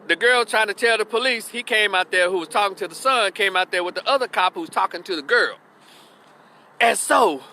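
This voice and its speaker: A man's voice: high-pitched, poor audio. A man telling a story in a casual vlog, talking animatedly and swearing freely. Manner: animated, profane, chatty. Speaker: vlogger.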